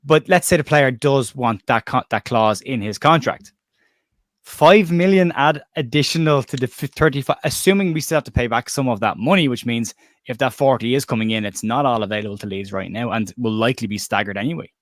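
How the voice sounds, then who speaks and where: A man hosts a casual football podcast with animated, questioning energy. His voice sits at an ordinary pitch. The sound is dry and close, with no room around it. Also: a little fast, no room sound. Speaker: podcast host.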